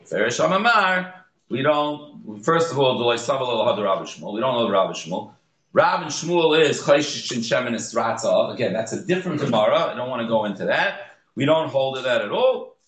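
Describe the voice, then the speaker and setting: Male teacher leading a Talmud class, animated delivery, recorded in a roomy space. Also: mid-range voice, moderate pace. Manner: lively, explains and acts out examples. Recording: echoey room.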